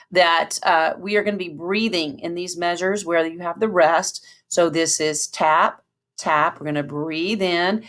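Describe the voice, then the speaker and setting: A woman teaches a beginner brass lesson in a patient, steady way. She counts beats aloud and calls out each breath and mouth shape. Her voice sits a little low for a woman. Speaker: band teacher.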